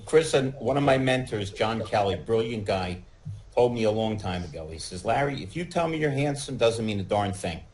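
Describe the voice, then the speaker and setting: A man in casual podcast chat, joking and telling stories with animated asides. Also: fairly low pitch, normal speed, low-quality recording.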